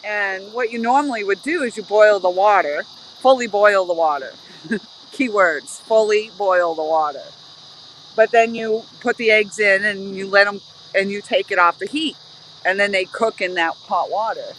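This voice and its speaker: A woman's voice: mid-range voice, normal speed, fairly bright tone, a little hiss or hum, low-quality recording. A woman hosting a casual fishing live stream outdoors by a river, laughing often as she chats. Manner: giggly, keeps breaking into laughter.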